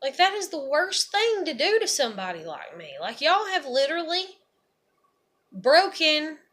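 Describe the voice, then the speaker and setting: A woman's voice: sits high, very animated, moderate pace, a bit bright. A woman, venting bluntly in a raw, profane, heartfelt monologue. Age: 30s. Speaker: vlogger.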